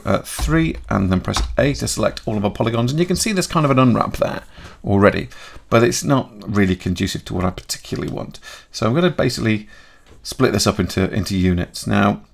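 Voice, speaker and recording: Man, low voice, gravelly, chatty software tutorial, keyboard typing behind. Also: lively intonation, fast, few pauses. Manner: chatty, thinking aloud, self-correcting. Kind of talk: screen-recorded software tutorial.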